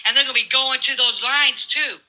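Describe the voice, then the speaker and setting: A woman from California arguing politics in a heated, profane rant, fast bursts of words. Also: high voice, bright, forceful tone, low-quality recording.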